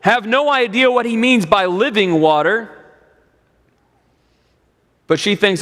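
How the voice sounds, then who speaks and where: A man's voice: high-pitched, slow pace, pauses often, fairly bright tone. A male preacher giving a sermon, retelling a story dramatically with repeated, building phrases. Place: church sanctuary. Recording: long church hall reverb.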